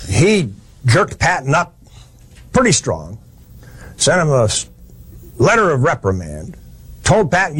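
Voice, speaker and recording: A man's voice: mid-range voice, sing-song, normal speed, long pauses, husky. A man giving a history lecture, telling it as a plain-spoken, folksy story with frequent restarts.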